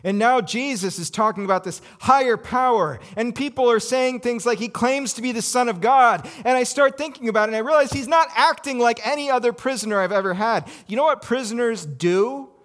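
An actor playing an anxious Roman governor in a dramatic first-person monologue, intense and full of rhetorical questions. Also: male voice, extremely high pitch, a little fast, few pauses, a bit bright. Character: anxious Roman governor, a cornered middle-aged man.

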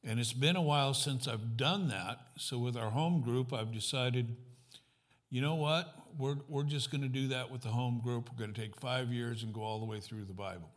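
A man's voice: medium pitch, normal speed. A man as guest pastor giving a sermon in a church, conversational, putting questions to the congregation, with light self-deprecating humor. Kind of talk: sermon with a joke opener.

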